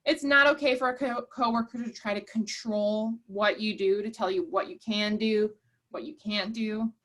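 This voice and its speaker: A woman's voice: medium pitch, steady tone, moderate pace, fairly bright tone. A woman leading an online workshop, encouraging and reading out participants' chat replies. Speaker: workshop presenter.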